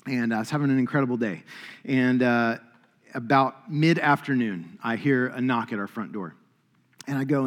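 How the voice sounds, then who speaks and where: Casual pastor in reverberant church. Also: male voice, mid-range voice. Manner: casual storytelling with frequent fillers. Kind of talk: sermon. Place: large church hall. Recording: long hall reverb.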